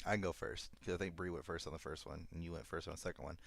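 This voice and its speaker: Male host, casual anime chat, crude and excitable, dry close sound. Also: low-pitched, very fast, vocal fry, dry recording. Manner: excited, profane, retells scenes with voices. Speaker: podcast host.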